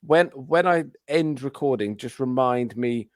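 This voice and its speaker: A man's voice: mid-range voice, unhurried, no room sound. Guy hosting a podcast, sore throat, laid back and rambly, dry close sound. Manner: rambling, relaxed, filler-heavy. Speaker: podcast host. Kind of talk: casual chat.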